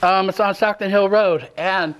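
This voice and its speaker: Chatty high-voiced TV cooking host. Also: male voice, fairly even intonation, moderate pace, fairly bright tone, smooth. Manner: chatty, enthusiastic, talks while eating. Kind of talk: casual TV cooking chat.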